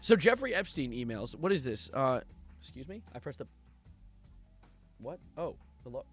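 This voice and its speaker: A man's voice: mid-range voice, sing-song, normal speed, husky, soft background music. A young man live-streaming, reacting to documents he reads aloud with sarcastic, mocking asides.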